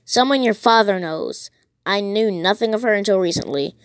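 A woman's voice: medium pitch, expressive, normal speed, no room sound, natural voice. A woman reading a text-message horror story aloud, voicing a worried, protective mother who gives urgent orders and avoids answering questions. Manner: urgent, evasive.

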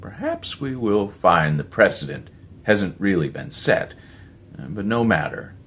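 In this storybook reading, a man plays an older male scientist with a sure, brusque manner. He lectures and gives orders in a voice that sits a little higher and louder than the narrator's own deep tone. It still keeps some gravel. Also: sing-song, full character voice. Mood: lecturing. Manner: lecturing, commanding, slightly halting.

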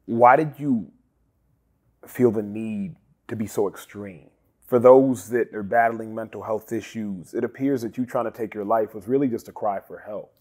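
A man in his thirties hosting an interview and asking measured, probing questions. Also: lowish voice, warm tone. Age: 30s. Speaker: interview host.

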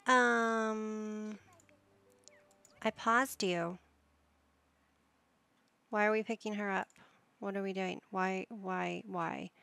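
A woman's voice: mid-range voice, creaky, fairly bright tone. A woman giving casual gameplay commentary, chatty and coaxing, talking to her characters like a parent would. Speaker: gaming YouTuber.

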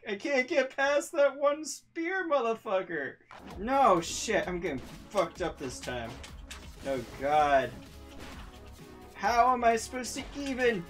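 Slow-talking rowdy woman gamer. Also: medium pitch, soft background music. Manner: excitable, profane, yelps and battle cries. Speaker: gaming channel host. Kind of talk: let's play commentary.

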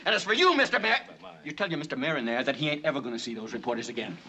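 An actor playing a cocky gangster bootlegger in a 1960s film, talking in tough street slang. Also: male voice, a little high, expressive, racing, sharp tone, breathy edge, exaggerated voice. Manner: tough street slang, pleading then defiant.

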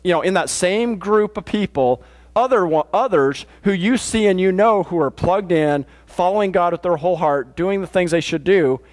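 A pastor delivering a conversational sermon in a plain-spoken, matter-of-fact way, often restarting his sentences. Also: sits high. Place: church.

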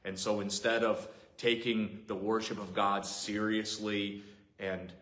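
A man's voice: on the low side, flat delivery, a little slow, fairly bright tone. A man preaching an earnest, emphatic sermon as a pastor, repeating key points. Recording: roomy echoing hall.

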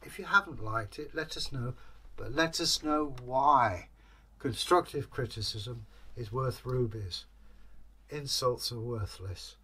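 A male storyteller hosts his channel, telling a folktale and then chatting with viewers. He rambles with filler pauses. His voice has a bright, forward tone at a middle pitch. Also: breathy edge. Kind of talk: folktale storytelling, casual sign-off.

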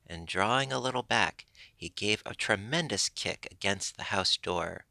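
A man reading a classic children's story aloud as narration, steady and expressive. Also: low voice, gravelly, dry recording. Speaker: audiobook reader.

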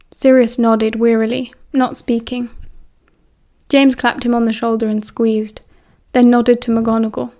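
A woman's voice: on the high side, little pitch movement, a little slow, darkish tone. A woman narrating an audiobook, reading steadily and evenly. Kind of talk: reading fan fiction aloud.

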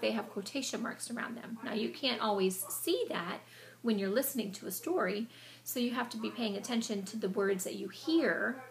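Teacher lady reading a kids story, patient, explains stuff, kinda creaky voice. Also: on the high side, normal speed. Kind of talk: reading a storybook aloud to children.

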